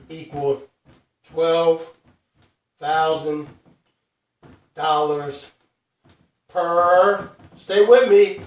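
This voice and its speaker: A man hosting a live financial talk, stressing each number slowly and calling out to his viewers. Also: high voice, recorded from a distance. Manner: emphatic, drawn-out numbers, calls out to viewers. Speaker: host. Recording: echoey room, speaker away from mic.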